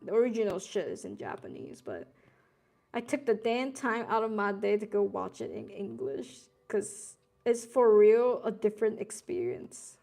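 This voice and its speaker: A woman's voice: mid-range voice, sing-song, moderate pace, creaky, dark tone, faint music behind. A young woman streaming while she draws, chatting in a laid-back, rambling way with casual swearing and Gen Z slang. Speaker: streamer drawing live. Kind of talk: casual chat while drawing.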